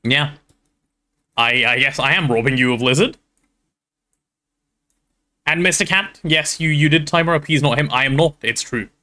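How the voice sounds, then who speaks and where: A man chatting casually while playing on a game stream, talking to his chat and thinking out loud. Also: fairly high pitch, moderate pace, long pauses.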